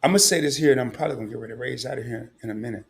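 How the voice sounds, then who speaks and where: A man's voice: mid-range voice, racing, creaky. An older man hosting a livestream, talking candidly and a bit rambling, with emotion coming through. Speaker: livestream host. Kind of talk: casual livestream talk.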